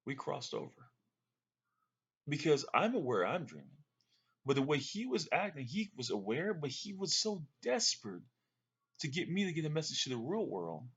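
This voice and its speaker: A man's voice: mid-range voice, gravelly, slightly rough, muffled recording. A man telling a long, rambling story to camera in a casual way, with fillers and restarts. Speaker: vlogger recounting a dream.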